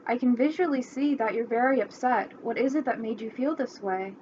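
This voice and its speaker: A woman voicing a kind fairy godmother who calmly asks caring questions, in a slightly muffled recording with faint hiss. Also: a little high, fairly quick, lightly acted.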